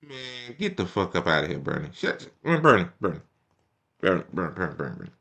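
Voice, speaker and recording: A man's voice: deep voice, big pitch swings, fairly quick, vocal fry, a bit bright. A man giving profane, mocking reaction commentary, laughing often. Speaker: commentary streamer reacting to a speech.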